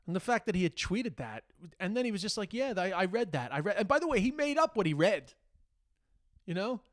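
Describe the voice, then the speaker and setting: An Irish man hosting a podcast, delivering a heated, exasperated casual monologue full of swearing. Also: fairly high pitch. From Ireland. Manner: heated, exasperated, profane, mocks quoted speech. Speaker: podcast host.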